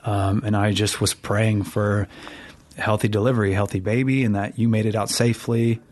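A man recounting a personal story in a relaxed, earnest way, chatting casually with his partner. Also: on the low side, normal speed. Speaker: new father, co-host.

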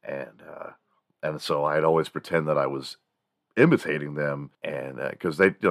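Male host, 40s, from Texas; rambling, foul-mouthed storyteller with a bass-low voice. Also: normal speed, gravelly, dry recording, clean studio sound. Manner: rambling, profane, laughs at his own stories. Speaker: morning show host. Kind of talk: casual comedic storytelling.

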